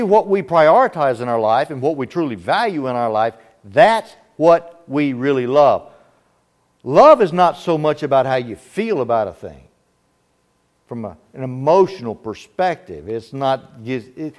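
A man preaching a sermon, asking rhetorical questions with emphatic delivery. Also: medium pitch.

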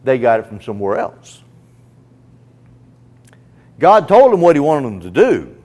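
A man's voice: medium pitch, big pitch swings, measured pace, warm tone. A man preaching a sermon, earnest and emphatic, speaking straight to the listener as a friend.

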